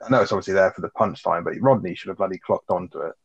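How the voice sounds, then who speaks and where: A man's voice: low-pitched, rapid-fire, vocal fry, slightly rough. A man co-hosting a casual chat about a sitcom episode, rambling with fillers and the odd swear. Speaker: podcast co-host. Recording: dull lo-fi sound.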